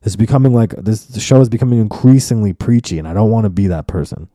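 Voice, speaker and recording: A man's voice: fairly low pitch, fast talker, warm tone, dry recording, clean studio sound. A man hosting his own podcast in a casual, profane, rambling solo monologue that turns mock-preachy. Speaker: podcast host and comedian.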